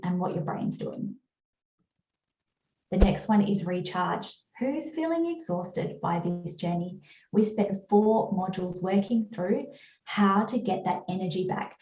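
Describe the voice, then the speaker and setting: A woman with an Australian accent giving a chatty, upbeat webinar pitch with frequent fillers over a video call. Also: warm tone. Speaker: webinar presenter. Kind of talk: webinar presentation. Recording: roomy, dull video-call audio.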